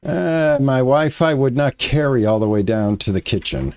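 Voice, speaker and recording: A man's voice: mid-range voice, expressive, moderate pace, darkish tone. A man streaming a farming game, chatting casually and thinking aloud about what he is doing, on a headset mic. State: out of breath. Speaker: gaming streamer. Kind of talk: casual gameplay commentary.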